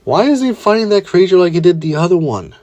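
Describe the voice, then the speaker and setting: An uneasy teenage boy in a fan-made storybook reading, voiced by a man. The pitch is lifted well above the reader's own voice, and he asks his questions in an uneasy, raised tone. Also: very animated, fast, darkish tone, no room sound.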